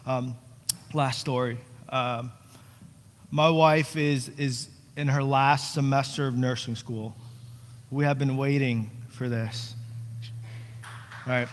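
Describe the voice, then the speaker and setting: A man's voice: mid-range voice, fairly even intonation, takes it slowly, long pauses, a little hiss or hum. A young adult man from New Jersey preaching a sermon to his congregation, conversational and earnest, mixing joking asides with pleading calls to his church. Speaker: pastor. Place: church sanctuary. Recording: long church hall reverb.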